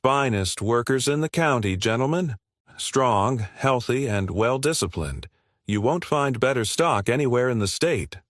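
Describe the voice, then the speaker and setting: A man's voice: medium pitch, very animated, unhurried, no room sound, studio quality. A man voicing a jovial, boastful plantation owner in a narrated story. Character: plantation slave owner, smooth salesman.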